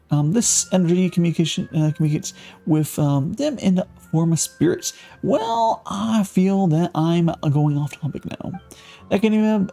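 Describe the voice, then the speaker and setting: Animated streamer reading game quest text. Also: medium pitch. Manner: animated, breaks off reading to react to chat. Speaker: live-streamer.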